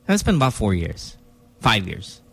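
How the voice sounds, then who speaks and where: A man in his forties hosting a morning radio show, telling stories in an animated, emotional way. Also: lowish voice, normal speed, breathy edge, no room sound, faint music behind. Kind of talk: casual radio chat.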